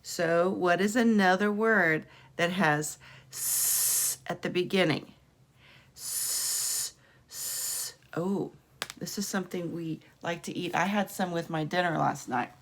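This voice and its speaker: A woman teacher guides young children through a phonics lesson, drawing out each letter sound and gently coaxing them along. Her voice is lowish with a gravelly edge, and she speaks very slowly and encouragingly.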